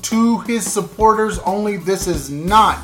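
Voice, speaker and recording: A man's voice: high-pitched, unhurried, a bit bright, soft background music. A man co-hosting a casual podcast, joking and riffing, acting out quotes as he talks. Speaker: podcast co-host. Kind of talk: casual comedic chat.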